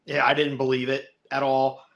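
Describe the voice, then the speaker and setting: A man with a bright, forceful voice talks loosely through a film, rambling and chuckling as he goes. He slips into little put-on voices to act out lines, then drops back into easy chat at a middle pitch. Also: completely flat delivery, normal speed, vocal fry. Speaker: podcast co-host reviewing a film. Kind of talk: casual chat.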